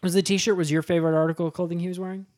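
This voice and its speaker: A woman's voice: fairly low pitch, flat delivery, racing, a little mellow. A woman co-hosting a casual comedy chat, joking and retelling scenes. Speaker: podcast co-host.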